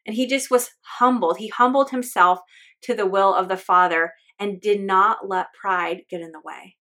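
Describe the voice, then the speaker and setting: A woman's voice: medium pitch, fairly even intonation, normal speed, sharp tone. A woman hosting a faith podcast, talking in an earnest, candid and chatty way with lots of fillers. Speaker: podcast host.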